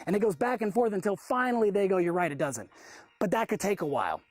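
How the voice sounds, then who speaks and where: A woman's voice: medium pitch, animated, fast, no room sound. A woman dog trainer teaching a group class, chatty, often acting out what the dog thinks. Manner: chatty, acts out the dog's side in dialogue.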